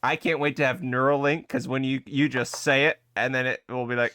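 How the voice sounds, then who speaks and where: A man's voice: mid-range voice, fairly even intonation, fairly quick, pushed and bright, clear, resonant tone, dry recording, studio quality. A young man co-hosting a podcast, teasing and blunt, laughing often in casual chat. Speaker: podcast co-host.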